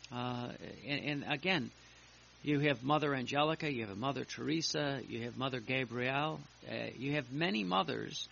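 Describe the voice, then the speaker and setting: A man preaching a sermon, reading devotional texts aloud and explaining them in an earnest, halting way with many restarts. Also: fairly high pitch, creaky, pushed and bright. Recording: lo-fi with faint hiss.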